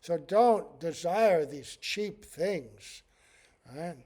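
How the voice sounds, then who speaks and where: A man's voice: a little high, animated, drawn-out words, warm tone. A man, a monk, giving a devotional scripture class in a conversational way, chuckling often and using many fillers.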